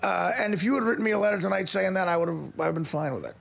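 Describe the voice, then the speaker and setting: A man's voice: sits high, a little fast, creaky, a bit bright. A man hosting a casual interview in a studio, rambling and joking with many fillers. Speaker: talk show host. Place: radio studio.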